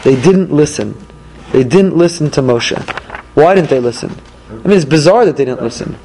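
Rabbi guy giving a torah class, high voice, lively, acts out the back-and-forth. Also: moderate pace, slight background noise. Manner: animated, acts out dialogues in quoted voices.

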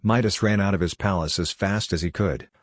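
A man's voice: low voice, a little fast, no echo, clean studio sound. A man narrating a scripted storybook in a plain, lightly humorous way.

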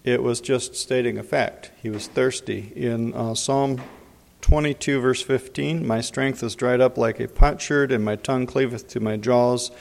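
Man, Bible teaching, unhurried with many pauses, long hall reverb. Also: mid-range voice, fairly even intonation, creaky, a little mellow. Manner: unhurried, frequent pauses and fillers. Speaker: preacher.

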